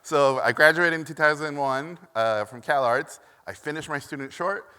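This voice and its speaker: A man from Mexico tells stories at a conference keynote, animated and full of "uh"s and acted quotes. His voice runs on the high side at a normal pace, with a sharp, clean tone. A stage mic records him in a large, echoing hall.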